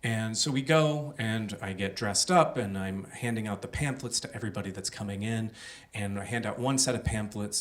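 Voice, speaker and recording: A man's voice: on the low side, moderate pace. A young man telling a personal story on a small theater stage, conversational and full of "like" and "uh". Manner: conversational, filler-heavy with many "like" and "uh". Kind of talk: live storytelling.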